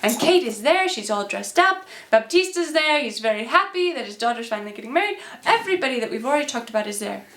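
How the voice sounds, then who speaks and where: Woman, storyteller, high voice, lively pitch, playful, roomy echo. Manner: expressive, playful, with dramatic repetition. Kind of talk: casual, animated story summary.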